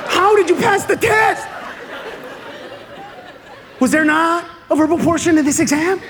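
Male stand-up, high and bouncy, live club set with roaring crowd. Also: unhurried. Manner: animated, shouting punchlines, acts out characters. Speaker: stand-up comedian. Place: comedy club stage before a laughing audience. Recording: live club recording with loud crowd and noise.

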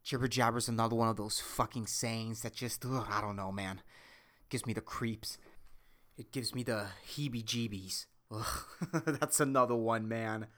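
A man hosting a solo comedy podcast, rambling and self-mocking, crude, with a high squeaky voice. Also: moderate pace, fairly bright tone. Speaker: podcast host.

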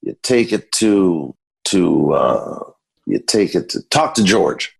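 A man's voice: sits low, animated, slow, vocal fry, breathy edge, full character voice. A man putting on the voice of a friendly, laid-back male rock star with a Southern US accent, drawling and vague about directions.

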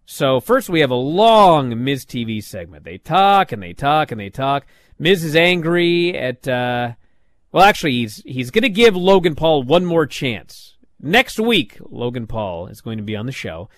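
A man's voice: medium pitch, very animated, measured pace, a bit bright, dry recording. A man recapping a wrestling show in a casual, exasperated and sarcastic way.

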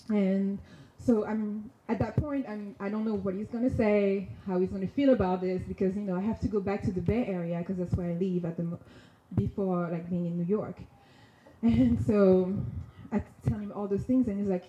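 A young woman telling a personal story on stage, animated and slangy, laughing often. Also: mid-range voice, moderate pace. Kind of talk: personal story told to an audience. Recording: dull, roomy sound with faint noise.

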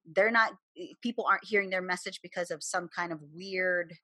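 A woman's voice: fairly low pitch, normal speed, no room sound. A woman co-hosting a podcast in casual chat, talking candidly and with animation, swearing now and then. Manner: candid, animated, swears when quoting herself. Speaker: podcast co-host.

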